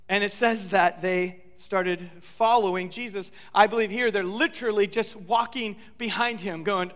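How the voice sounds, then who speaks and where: A man preaching a sermon as pastor, animated, acting out quoted lines and asking the listeners rhetorical questions. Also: high-pitched, normal speed, few pauses, big-room sound.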